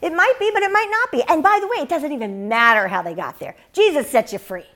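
A woman's voice: high voice, expressive, quick pace, a bit bright. A middle-aged woman preaching a sermon, fervent and emphatic, repeating key lines for effect.

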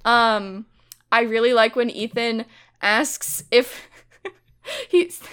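A woman's voice: a little high, animated, drawn-out words, a bit bright, smooth. A young woman co-hosting a podcast, chatting casually about a movie in a gushing, slangy, giggly way. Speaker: podcast co-host. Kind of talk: casual movie-review chat.

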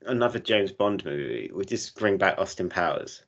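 A man chatting casually on a podcast, pitching ideas with enthusiasm and plenty of "uh" fillers. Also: expressive, moderate pace, a bit bright. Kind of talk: casual chat. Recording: dull lo-fi mic.

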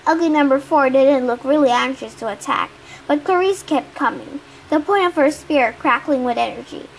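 A woman's voice: high voice, normal speed, vocal fry, a little hiss or hum, low-quality recording. A woman reading a novel aloud in the first person, with small restarts. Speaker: reader.

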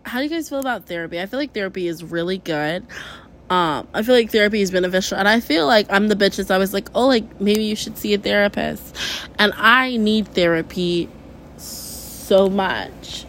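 A woman's voice: mid-range voice, moderate pace, a bit bright, slight background noise. A young woman hosting a casual podcast from her kitchen at home, venting in a rambling, emotional way and swearing constantly. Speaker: podcast host.

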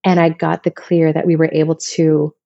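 A woman's voice: low voice, little pitch movement, moderate pace, creaky, mellow, no echo, lo-fi sound. A woman in her thirties from Vermont, telling personal stories in a casual, emotional, rambling way as a podcast guest. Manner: emotional, rambling, many restarts.

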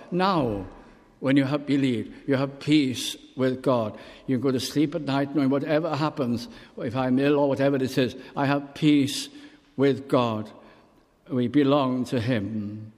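An older man from Wales preaching a sermon, telling personal stories and quoting scripture slowly. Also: medium pitch, long reverb tail. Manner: storytelling, warm pauses, quotes scripture slowly.

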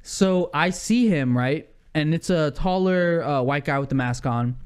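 A man telling a rambling story in casual chat, animated and full of asides and restarts, swearing freely. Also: a little high, measured pace, clean tone.

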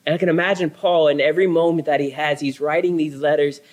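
In church, a pastor tells his story in a sermon, earnest and dramatic, using repeated phrases for emphasis. His voice is slightly higher than most men's, steady in tone and fast. The recording quality is low.

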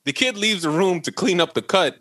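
A man's voice: sits high, brisk. A man on a podcast casually retelling a movie plot, acting out each character's lines with plenty of swearing. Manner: animated storyteller who acts out the characters' lines, swearing and laughing. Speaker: podcast co-host.

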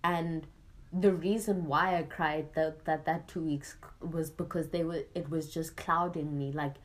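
A young woman telling a personal story in casual conversation, animated and laughing often, acting out what people said to her. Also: sits low, unhurried. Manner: animated, acts out quoted exchanges, laughs often. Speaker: guest.

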